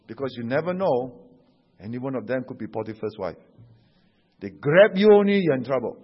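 A Singaporean pastor preaching a sermon, telling stories in an animated way and tagging his sentences with "huh?" and "you know". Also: mid-range voice, brisk, pauses often, slightly rough. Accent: Singaporean English. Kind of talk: sermon with anecdotes. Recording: dull echoey hall recording.

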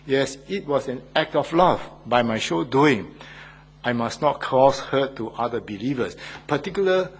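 A man's voice: medium pitch, expressive, normal speed, slightly rough. An older man, a church elder, preaching an earnest sermon and asking his listeners questions. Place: Australia.

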